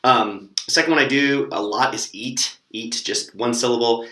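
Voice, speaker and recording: A man's voice: mid-range voice, moderate pace, echoey room. A young man casually sharing tips for teaching online classes, with lots of ums and demonstrated words. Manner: relaxed, lots of fillers, demonstrates words with gestures.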